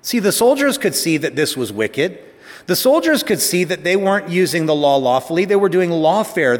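A male pastor preaching a sermon in a church, emphatic, slowing down and speeding up and rising to stress his points. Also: a little high, sing-song. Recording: long hall reverb.

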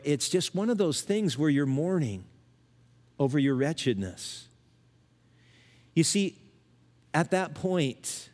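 An older man preaching a sermon in a church, earnest, rising to emphatic lines and dropping to hushed, low ones. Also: long reverb tail. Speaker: pastor.

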